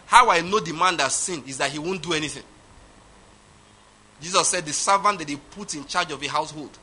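A man's voice: a little high, sharp tone, slight background noise. A man preaching an emphatic sermon, repeating his points. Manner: emphatic, repetitive, laughs at his own points. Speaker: pastor.

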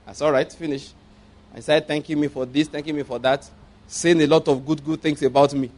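A man's voice: a little high, fairly even intonation, brisk, a little mellow. A man preaching a sermon as a story, repeating himself for emphasis, checking in with his listeners and chuckling along the way. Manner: chuckles often while telling.

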